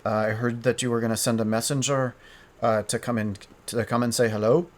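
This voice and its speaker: A man's voice: medium pitch, steady tone, fairly quick, close to an everyday voice. A man voicing a genial male town lord, speaking in a put-on Irish accent with a hearty, welcoming manner.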